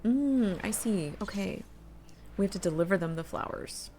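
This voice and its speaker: Middle-aged woman streaming a game, chatty and rambling, reads the quest text out loud, middle pitch. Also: animated, moderate pace, a little hiss or hum. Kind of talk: casual live-stream commentary.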